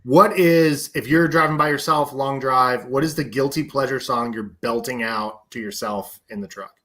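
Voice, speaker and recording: A man hosting a podcast, chatty and reactive, quick with "yeah" and "oh my God.". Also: medium pitch, sharp tone. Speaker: podcast host. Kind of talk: casual interview chat.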